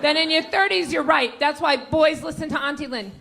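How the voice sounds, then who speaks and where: A woman in her forties doing a brash stand-up set, working the crowd and bursting into shouts. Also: sits high, brisk, creaky. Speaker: stand-up comedian and host. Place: comedy club stage. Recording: live club recording with loud crowd laughter and noise.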